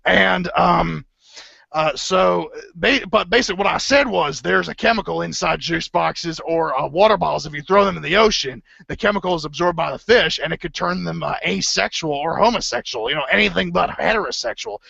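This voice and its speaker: Man impersonating a gravelly blustering conspiracy host. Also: high-pitched, brisk, sharp tone, no echo, full character voice. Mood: rambling. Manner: rambling, stammering, self-correcting rants. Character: blustering middle-aged male conspiracy radio host. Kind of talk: improvised comedy impression. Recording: dull lo-fi stream audio.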